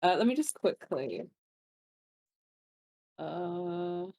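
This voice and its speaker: A woman with a fairly low voice talks as a player at the gaming table. She rambles casually and swears freely. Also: animated, very slow, dark tone. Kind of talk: casual tabletop game chat.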